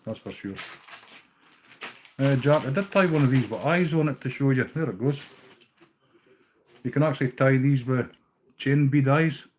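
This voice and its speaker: A man's voice: medium pitch, normal speed, pauses often, darkish tone, slight background noise. A Scottish man hosting a live stream, chatting casually with viewers as he ties fishing flies, easygoing and now and then swearing. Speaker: livestream host tying fishing flies. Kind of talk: casual live-chat while working.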